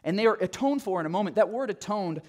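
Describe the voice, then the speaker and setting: A male pastor preaching a sermon, telling the story with animation and dropping to a soft, low voice on key phrases. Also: quick pace. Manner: animated storytelling, acting out quotes.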